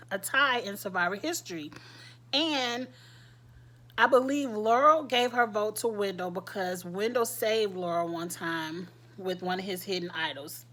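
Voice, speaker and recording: Chatty woman clearing her throat. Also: medium pitch, bright, forceful tone. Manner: chatty, sassy, laughs often. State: throat irritated, keeps clearing it. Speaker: reality TV reviewer. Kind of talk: casual commentary.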